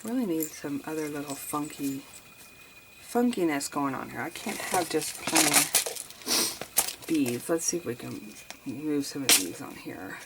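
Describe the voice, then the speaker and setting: Lady crafting n chatting, low voice, kinda sniffly, noisy room behind. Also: animated, a little slow. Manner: chatty, thinks aloud while crafting, addresses viewers as you guys. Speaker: craft tutorial host. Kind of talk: casual crafting tutorial chat.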